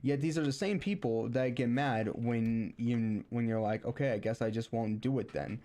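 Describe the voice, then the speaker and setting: Young man, streamer, mellow voice, rambling, sarcastic, lots of restarts. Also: medium pitch, normal speed. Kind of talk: casual stream rant.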